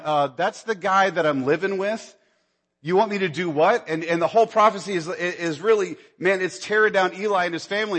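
A man's voice: a bit bright, breathy edge, big-room sound. A man preaching a sermon in a conversational way, acting out the dialogue of the story he tells. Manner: conversational preaching, acts out Bible dialogue, rises in pitch when stirred. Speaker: pastor.

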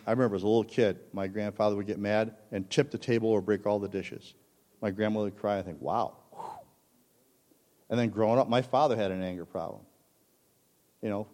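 A man's voice: lowish voice, a little mellow. A man preaching a sermon, telling a story animatedly and acting out the voices in it. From Italian-American family. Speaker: pastor. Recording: long reverb of a large hall.

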